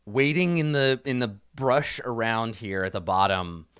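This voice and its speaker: A man running a tabletop game as its game master, narrating scenes in a loose, relaxed way with many fillers and restarts. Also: medium pitch, measured pace, smooth, no room sound, studio quality.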